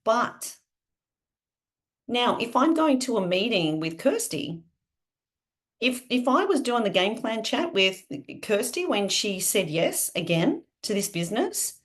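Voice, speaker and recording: A woman leading a live online training for her sales team over a video call, chatty and lively, often asking her listeners questions. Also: on the high side, slow.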